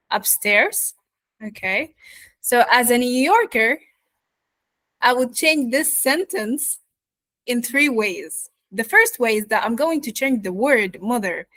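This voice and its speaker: Woman, accent coach, lecturing online, fairly high voice, dry close sound. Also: a bit bright, no echo. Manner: explanatory, addresses students directly.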